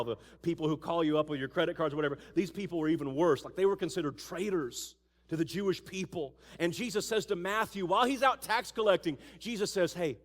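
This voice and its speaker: A male pastor preaching with a slightly higher voice, telling stories in a loose, animated, conversational way. His words ring out in a church hall with a long reverb. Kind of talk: sermon.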